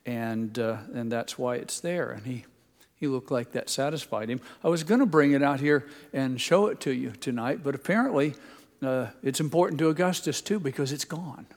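A man's voice: mid-range voice, normal speed. An older man gives a sermon in a folksy, teasing storyteller's manner, speaking to a gathered congregation. His voice carries a long reverb tail from the large hall around him. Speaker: pastor. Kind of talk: sermon with folksy family stories.

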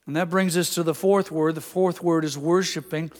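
An older man preaches to his congregation, his voice sitting high for a man. He asks them questions directly and earnestly. His words ring with a long reverb through the church hall. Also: steady tone, normal speed. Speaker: pastor. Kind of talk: sermon. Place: church sanctuary.

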